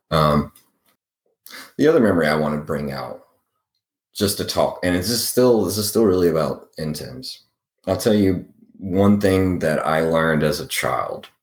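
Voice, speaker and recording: A man telling personal stories in a casual, rambling way, halting often and repeating words as he searches for them, with wry self-deprecating humor. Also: rumbling low. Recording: roomy echo.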